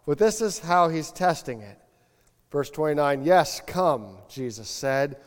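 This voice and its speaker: A male pastor delivering a conversational, animated sermon, acting out bits of biblical dialogue. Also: fairly high pitch, measured pace, in a large hall. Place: church sanctuary.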